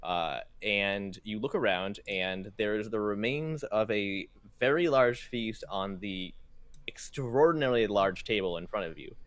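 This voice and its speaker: A man's voice: lowish voice, a little slow, no room sound. Rambling young man narrating a tabletop game. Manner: rambling, full of fillers and restarts, laughs at himself. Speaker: game master.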